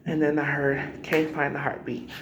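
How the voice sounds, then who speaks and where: A woman's voice: deep voice, level tone, moderate pace, background noise. A woman vlogger telling a personal story casually to her viewers, acting out scenes with cries and asides. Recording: slightly dull lo-fi audio.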